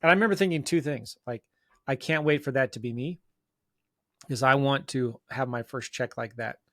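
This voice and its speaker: Man, guest storyteller, casual and animated, mid-range voice, dry recording. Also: mid-range voice, moderate pace, no room sound. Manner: animated, self-mocking storyteller who acts out quoted dialogue; loose talk full of fillers and restarts. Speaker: guest real estate investor.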